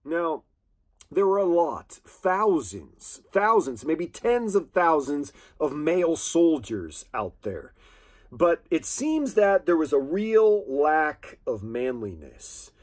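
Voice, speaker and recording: A man's voice: a little high, sing-song, slow, darkish tone. A man preaching a sermon in an impassioned, emphatic way, repeating key phrases.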